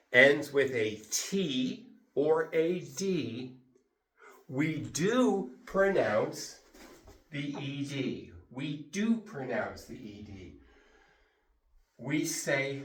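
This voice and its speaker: A man teaching English pronunciation to a class, drilling sounds slowly with lots of repetition. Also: mid-range voice, lively intonation, a bit bright. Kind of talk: classroom lesson. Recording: echoey room, voice from far off.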